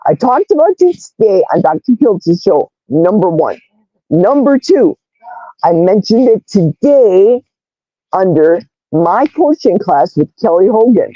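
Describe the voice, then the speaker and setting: Lively sixties woman livestreaming, slow and dry. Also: medium pitch, no room sound, dull audio. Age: 60s. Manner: rambling, reads chat comments aloud. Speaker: livestream host. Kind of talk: casual livestream chat.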